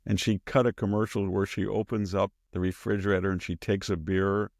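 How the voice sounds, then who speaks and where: A man hosting a podcast, giving casual political commentary as an animated storyteller who slips into mimicking the people he quotes and chuckles mid-sentence. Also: lowish voice, a little fast, gravelly, no echo, clean studio sound. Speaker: podcast host.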